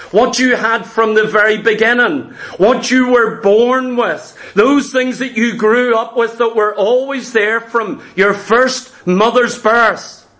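A preacher with a notably high-pitched, slightly bright voice gives a sermon built on storytelling, acting out the voices of those he quotes. He presses his points with stammered restarts and repeated words.

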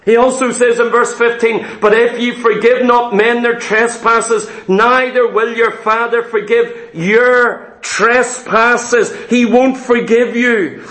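A man's voice: very high voice, a bit bright, reverberant. A man preaching a sermon with urgent, repetitive appeals and pleading prayers.

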